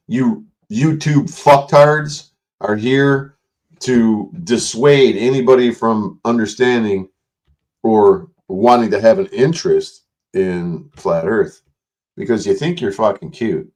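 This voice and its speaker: Profane, mocking man ranting on a livestream. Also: lowish voice. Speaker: livestream host.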